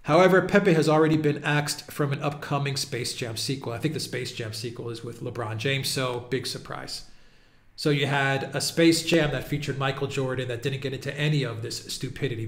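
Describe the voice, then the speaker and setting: In a reverberant recording, a man with a mid-range voice hosts a casual political commentary video. He sounds exasperated and mocking, frequently dissolving into laughter.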